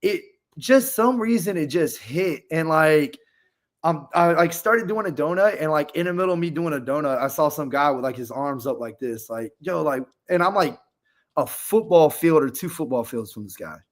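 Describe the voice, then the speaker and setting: A man's voice: a little high, normal speed. A man talking as a podcast guest, telling a candid personal story in a rambling, casual way, full of fillers.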